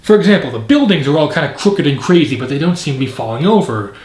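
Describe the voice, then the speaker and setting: Man, casual film review, rambling and opinionated, somewhat high voice, echoey room. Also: expressive, fast, darkish tone. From Canada. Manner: rambling, opinionated, with frequent fillers. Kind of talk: casual video review commentary.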